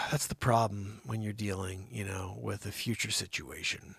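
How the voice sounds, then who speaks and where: A man hosting a show, doing an improvised comic monologue that swings from loud bursts to hushed asides. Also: fairly low pitch, unhurried, creaky, slightly rough, dry recording. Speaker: comedy show host.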